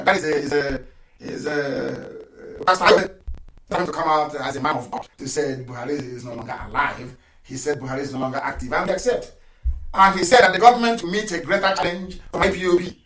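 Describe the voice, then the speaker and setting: A man's voice: on the high side, a little fast, echoey room, crowd noise, rough recording. A middle-aged man with a Nigerian accent giving a live broadcast address, emphatic, repeating his phrases and chuckling between lines.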